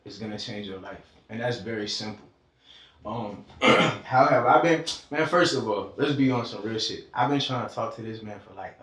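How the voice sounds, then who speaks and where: A man's voice: fairly low pitch, fairly bright tone. A man from Georgia, a podcast guest, talking in a fervent, preachy way and swearing freely in a casual heart-to-heart conversation. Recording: echoey room, distant mic.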